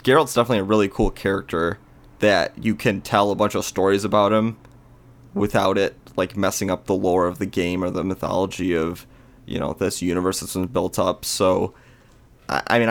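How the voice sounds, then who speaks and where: Low-voiced easygoing male podcast co-host. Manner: easygoing, hedging with "I mean" and "like". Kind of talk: casual chat.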